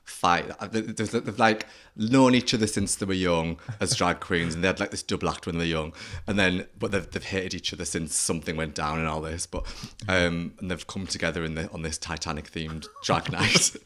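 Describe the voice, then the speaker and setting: A man with a Northern English accent, a comedian chatting as a guest in a camp, animated way. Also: sits low, a little fast, hardly any pauses. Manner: camp, animated, laughs often. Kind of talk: casual chat.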